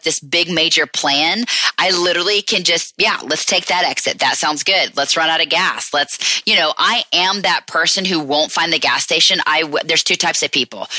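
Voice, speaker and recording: Woman, Southern accent, low pitch, casual rambling podcast talk, dry room. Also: sharp tone, no room sound. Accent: Southern American. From American South. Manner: chatty, rambling, many fillers. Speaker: podcast host. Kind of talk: casual chat.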